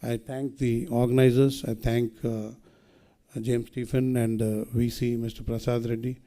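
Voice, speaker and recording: A middle-aged man with an Indian English accent addresses a student audience, exhorting and emphatic, often asking rhetorical questions. His voice is dark and mellow, at a middling pitch. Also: level tone, unhurried. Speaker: guest speaker. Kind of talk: public speech to students.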